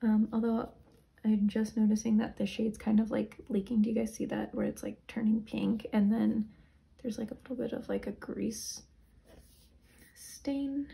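A woman's voice: on the high side, fairly even intonation, moderate pace, gravelly, mellow. A young woman casually reviewing products, chatty and rambling, sounding tired. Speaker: beauty vlogger.

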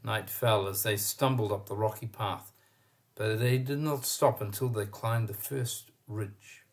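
A man reading a children's picture book aloud, expressive and pausing to point out the pictures. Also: fairly low pitch. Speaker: storyteller.

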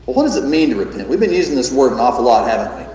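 A man preaching a sermon as pastor, emphatic and full of rhetorical questions, shifting between loud and soft delivery. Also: medium pitch, sing-song, rapid-fire. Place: church sanctuary. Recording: echoey hall, distant mic.

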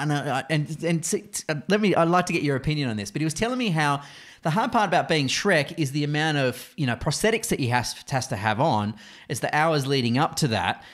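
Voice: mid-range voice, fairly bright tone. An Australian podcast co-host chatting casually, rambling through a story with restarts. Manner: rambling, restarts mid-thought.

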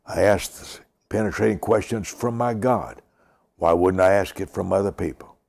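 An older man preaching and praying, slow and emphatic, repeating lines and dropping to a whisper. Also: low-pitched, gravelly, darkish tone. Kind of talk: sermon with prayer.

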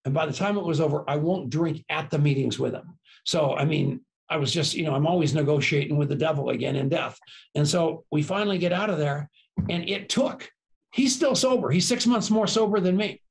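Older guy telling stories on a podcast, kinda gravelly, does all the voices. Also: a little high, brisk. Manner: lively anecdotes, acts out quoted voices. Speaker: podcast guest, business co-founder. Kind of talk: animated storytelling.

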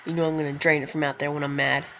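A man giving casual, excitable play-by-play commentary over his own gameplay, often clearing his throat. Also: fairly high pitch, very fast, a little hiss or hum, low-quality recording. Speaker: gaming commentator.

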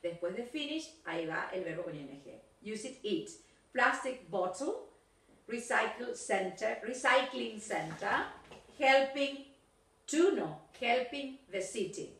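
A woman's voice: on the high side, lively intonation, unhurried. A woman with an Argentine Spanish accent teaching an English class, switching between Spanish and English as she corrects pronunciation. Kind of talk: recorded video class. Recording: roomy, from a distance.

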